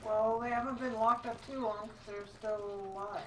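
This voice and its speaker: A woman's voice: on the high side, steady tone, normal speed. An older woman playing a video game with her son, making plain, dry remarks. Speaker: player, host's mother. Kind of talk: casual gameplay chat. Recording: distant echoey room mic with noise.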